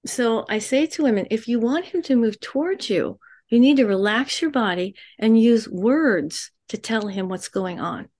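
A middle-aged woman life coach speaking as a guest, expressive and animated, often laughing and acting out quoted voices. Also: a little high, normal speed. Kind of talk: animated interview talk.

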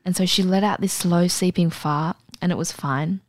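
A woman, co-hosting a casual podcast and telling an animated story, acting out the voices. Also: fairly low pitch, moderate pace, dry recording. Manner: animated, acts out voices in stories. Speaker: podcast co-host.

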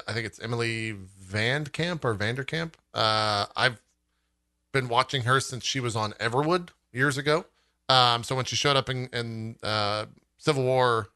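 Guy with a really bright forceful voice, rambling podcast chat, dry mic. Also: mid-range voice, clean tone, no room sound. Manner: rambling, many fillers and restarts, laughs often. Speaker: podcast co-host. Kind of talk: casual chat.

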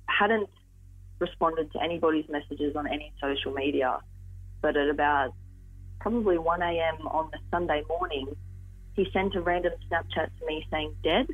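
Husky Australian young woman on a phone line. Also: low voice, fairly even intonation, normal speed. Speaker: friend of the missing man. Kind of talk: interview recollection. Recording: tinny phone-line recording with faint music.

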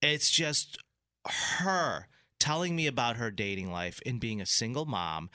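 A man's voice: mid-range voice, a little slow, no room sound, studio quality. A man in casual chat, animatedly telling a story and acting out the people in it. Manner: animated, acts out other people's voices in his stories.

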